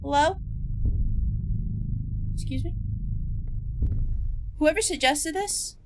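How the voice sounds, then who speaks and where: Jittery high-voiced woman streamer. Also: takes it slowly, a little hiss or hum. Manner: jittery and talkative, asking the game questions. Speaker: streamer playing a horror game. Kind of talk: live-streamed gameplay commentary.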